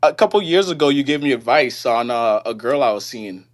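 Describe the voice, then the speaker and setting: A man's voice: mid-range voice, expressive, a little fast. A man calling in to a live stream, speaking earnestly with many restarts and retelling a story in quoted dialogue. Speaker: caller. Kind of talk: casual call-in chat.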